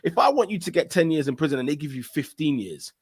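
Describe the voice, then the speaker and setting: A slightly high-voiced man holds forth on a football podcast, excitable and emphatic, with "bro" dropped into every other sentence. The sound is close and dry, with no room around him. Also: quick pace, husky, no echo. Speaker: podcast co-host. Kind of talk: casual football banter.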